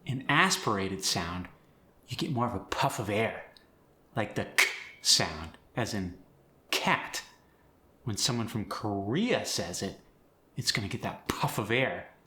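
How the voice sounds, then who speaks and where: A man's voice: on the low side, animated, a little slow, pushed and bright, echoey room. A man coaching accents, explaining and demonstrating sounds by contrasting word pairs. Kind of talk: accent tutorial.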